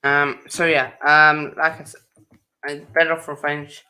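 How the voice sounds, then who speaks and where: A man hosting a casual sports chat, halting and full of fillers and restarts. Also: a little high, level tone, bright, forceful tone. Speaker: host.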